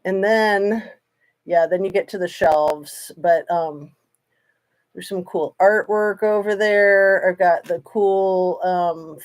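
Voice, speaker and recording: A woman hosting a casual true crime livestream, chatting in a rambling way with sarcastic asides. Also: mid-range voice.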